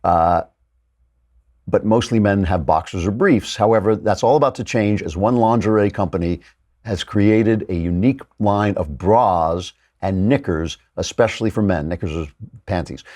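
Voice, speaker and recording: A man's voice: fairly low pitch, moderate pace, a little mellow. A man hosting an opinion talk show, joking and sardonic, often laughing at his own lines.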